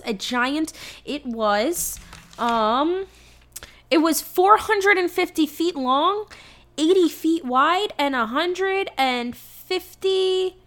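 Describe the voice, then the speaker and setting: Woman podcast co-host with a slightly high voice, casual and profane, animated, acts out quotes. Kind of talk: casual chat.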